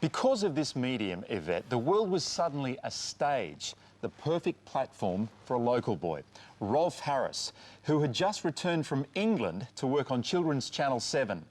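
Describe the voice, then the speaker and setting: A man presenting a television documentary in scripted, expressive narration. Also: medium pitch, normal speed.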